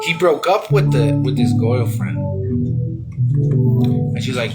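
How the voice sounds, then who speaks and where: A man telling a wild comedic tall tale in rambling, ungrammatical, excitable bursts. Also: medium pitch, normal speed, pauses often. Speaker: comic storyteller. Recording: loud music behind. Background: loud music.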